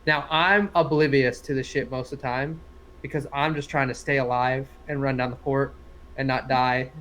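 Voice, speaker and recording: A man's voice: medium pitch, fairly even intonation, moderate pace, fairly bright tone, slight background noise. A young adult man co-hosting a casual sports podcast, telling a rambling story full of swearing and laughing at himself. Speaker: podcast co-host.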